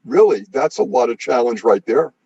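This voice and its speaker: A man hosts an interview over a video call, his voice a little husky and dry. He reacts with sympathy and muses gently on his guest's story. The audio sounds dull and lo-fi. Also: medium pitch, normal speed, dry recording. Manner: sympathetic, reflective, asks gently. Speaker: interview host. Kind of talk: casual interview chat.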